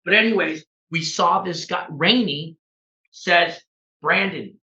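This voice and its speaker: A fairly high-voiced man tells a story in a bright, forceful way and acts out each exchange as he goes. He sounds like a realtor on a podcast. The sound is dull and lo-fi, and the room echoes. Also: takes it slowly. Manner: animated, acts out quoted dialogue. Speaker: realtor guest on a real estate podcast. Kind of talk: casual storytelling.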